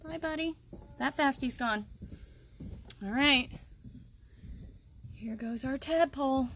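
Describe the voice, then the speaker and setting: A slightly high-pitched woman leads a live nature lesson for children outdoors beside a pond. She explains things cheerfully and keeps turning to her audience. A faint hiss of noise sits under her voice. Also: takes it slowly, fairly bright tone. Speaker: wildlife educator.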